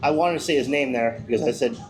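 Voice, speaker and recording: A man's voice: mid-range voice, fast talker, over music, poor audio. Man in his 40s, joking travel chat. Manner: jokey, laughing asides. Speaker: travel vlogger. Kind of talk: casual chat.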